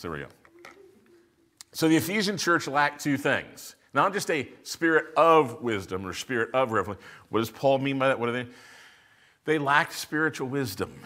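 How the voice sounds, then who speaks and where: With a pushed, bright mid-range voice, a man preaches an expository sermon to a congregation as their pastor, asking rhetorical questions and answering them along the way.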